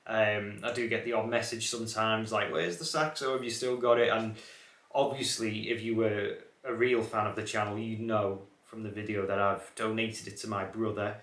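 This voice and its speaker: A young car channel host from around Liverpool, England, with a watered-down Scouse accent, chats reflectively to camera in an echoey room. His lowish, slightly bright voice is flat and moderately paced as he rambles, with frequent fillers and restarts.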